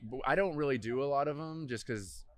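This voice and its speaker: A man's voice: medium pitch, a little fast, no echo. Laid-back young guy, podcast guest. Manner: laid-back, agreeable, slangy. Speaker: podcast guest, social media creator. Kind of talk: casual podcast chat.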